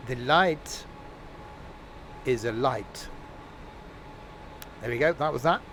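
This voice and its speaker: A man's voice: mid-range voice, slow pace, a bit bright, slight background noise. A man streaming a train simulator, chatting casually and jokily while doing silly mock passenger announcements. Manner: chatty, silly, jokey asides.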